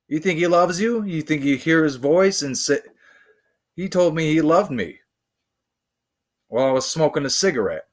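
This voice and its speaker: A man talks slowly into his camera, preaching in a loose, rambling way. He halts often, with fillers and restarts, at an ordinary middle pitch for a man. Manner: halting, full of fillers and restarts. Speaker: vlogger.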